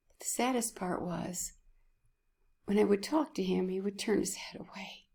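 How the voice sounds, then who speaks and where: A woman's voice: medium pitch, normal speed, vocal fry, warm tone. A woman giving a heartfelt devotional talk at church, emotional and often dropping to a whisper. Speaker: church speaker.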